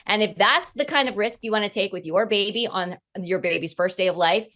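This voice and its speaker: A woman's voice: medium pitch, a little fast, a bit bright. A woman with an American accent, a guest on a radio interview, arguing her case in a pointed, persuasive way with a touch of sarcasm.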